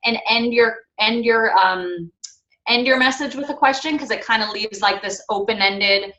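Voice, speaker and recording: Brief: woman team coach, bright and forceful tone, chatty, echoey room. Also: a little high, moderate pace, muffled recording. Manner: chatty, with fillers and playful mock quotes. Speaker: coach leading a team call. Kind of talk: casual coaching talk.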